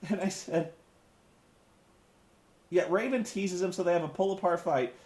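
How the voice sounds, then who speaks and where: A man giving a sarcastic, animated comedic recap of a wrestling show, swearing freely as he rants. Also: high-pitched, moderate pace, reverberant.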